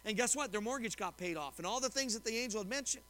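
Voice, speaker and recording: A male pastor's high voice, fairly bright with lively intonation, moves fast and rings with a long reverb tail. He's preaching in a church sanctuary, reading scripture, retelling a story in quoted voices, and often asking the congregation questions.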